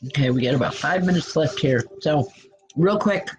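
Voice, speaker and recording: Woman, spiritual medium, live online reading, halting stop-start speech, gentle reassuring messages. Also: deep voice, animated, slightly rough, low-quality recording. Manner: halting, stop-start delivery with many restarts.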